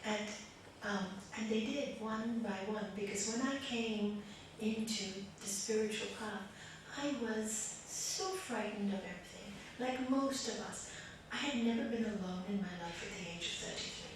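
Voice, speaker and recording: A woman raja yoga teacher giving a spiritual talk to a small group, chatty and lively, often laughing as she tells stories. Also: medium pitch, normal speed, background noise. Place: meditation group room. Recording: echoey room, voice picked up from a distance.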